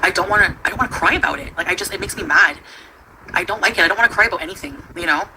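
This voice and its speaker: A young woman, chatting on a home livestream in a rambling way with many fillers and quick laughs. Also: lowish voice, pushed and bright. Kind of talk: casual livestream chat. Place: at home with her pets. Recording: noisy home stream recording.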